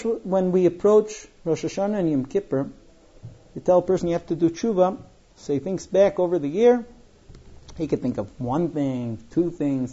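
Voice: medium pitch, warm tone, breathy edge, muffled recording. A Torah teacher giving a Mishnah lesson, quoting Hebrew lines, then translating and explaining them through everyday stories. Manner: conversational, with fillers and personal stories.

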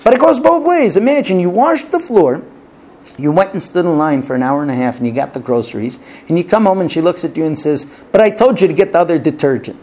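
A man gives a spoken lesson as a rabbi, slipping into little acted-out arguments between husband and wife. His voice sits high and swings widely in pitch. He drops in Hebrew phrases and then explains them. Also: brisk. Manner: animated, acts out squabbling spouses in quoted dialogue. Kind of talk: spoken lecture.

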